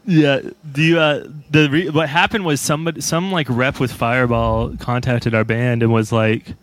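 A man's voice: medium pitch, level tone, normal speed, hardly any pauses, no echo. Laid-back man in a dry room. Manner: laid-back, profane, self-mocking. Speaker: band member. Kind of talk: casual chat.

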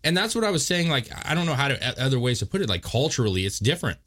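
A man's voice: mid-range voice, sing-song, racing, fairly bright tone. A man co-hosting a podcast in casual chat, blunt and swearing heavily. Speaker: podcast co-host.

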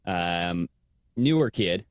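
A man's voice: sits low, expressive, slow, no echo, studio quality. A young man co-hosting a casual podcast chat, telling stories and acting out what other people said. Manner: storytelling, acts out others' lines in shifted voices. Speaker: podcast co-host.

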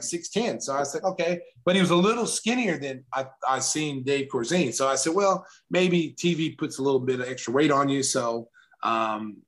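A middle-aged man from Oklahoma spins a long, casual story for an interviewer. His voice sits a little high, and he throws himself into the quoted lines, jumping up in pitch for the big moments. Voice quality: animated storyteller who acts out quotes. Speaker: guest, former basketball player. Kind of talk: casual anecdote telling.

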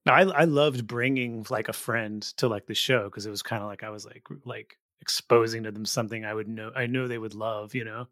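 A man's voice: fairly low pitch, fairly even intonation, a little fast, hardly any pauses, fairly bright tone, no echo, studio quality. A man from the Bay Area hosting a podcast, talking about music in an eager, earnest fan's way. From Bay Area, USA. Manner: eager, earnest fan talk. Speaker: podcast host. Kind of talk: casual interview chat.

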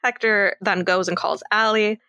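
Bright-voiced woman recapping a film. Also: medium pitch, fairly even intonation, moderate pace, no echo. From Canada. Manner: retells scenes, acts out quoted lines, laughs often. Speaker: podcast co-host. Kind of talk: casual movie recap chat.

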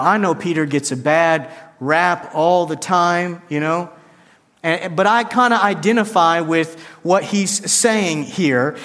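Man, pastor, conversational sermon, acts out quotes, high-pitched voice, long hall reverb. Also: fairly bright tone.

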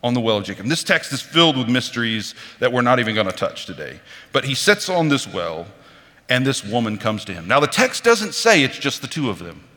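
A man preaching a sermon in a conversational, animated way, now and then acting out the voices of people in the story. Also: mid-range voice, fairly quick. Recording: reverberant hall.

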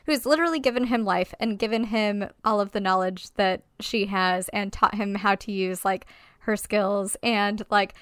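A woman's voice: mid-range voice, normal speed, smooth, dry recording, studio quality. An enthusiastic woman chatting about films, emphatic and swearing casually.

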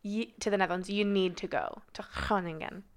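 A woman's voice: mid-range voice, brisk. Chatty young woman on a podcast. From Arizona. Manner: animated, chatty, heavy on "like" and "dude". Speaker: podcast guest. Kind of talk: casual podcast chat.

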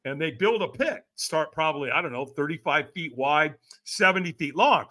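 Guesting on a podcast, a middle-aged man who works as a personal development coach tells an animated story at a moderate pace in a fairly high voice. He's lively, voices the people he quotes, and often tosses in "right?".

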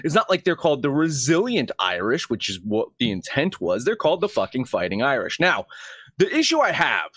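A man co-hosting casual sports talk, his pitch swinging widely as he argues. He swears freely and circles back to restart his thoughts. The sound is dry and close. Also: a little fast, no echo. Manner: animated, profane, rambling with restarts. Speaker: sports podcast co-host.

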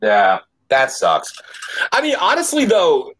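A man hosts a casual podcast, his pitch fairly high and bouncing all over as he jokes. He talks loosely and swears without a second thought. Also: huge pitch swings, slow, a bit bright, breathy edge. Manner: joking, loose, swears freely. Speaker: podcast host. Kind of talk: casual chat.

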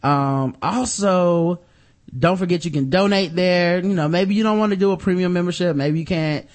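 Joking male podcast host. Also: high-pitched. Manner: loose, joking, shifts between fast asides and drawn-out hype. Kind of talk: casual podcast chat and sponsor reads.

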